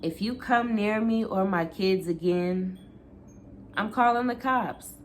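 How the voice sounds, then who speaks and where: A woman's voice: medium pitch, animated, a little slow, fairly bright tone, a little hiss or hum, voice pushed up. A woman reading aloud the lines of a frightened but defiant young woman who pleads, then turns firm and cold.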